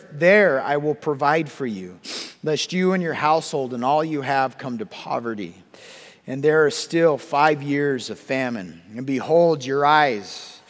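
In a big, roomy space, a man speaks in a mid-range voice as a pastor delivering a sermon. He reads from scripture, repeats himself frequently, and poses questions to the congregation.

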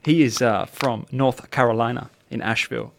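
A man's voice: mid-range voice, fairly even intonation, normal speed, creaky. A man hosting a music podcast in a playful, chatty way with jokey asides. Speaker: podcast host. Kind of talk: casual music podcast chat.

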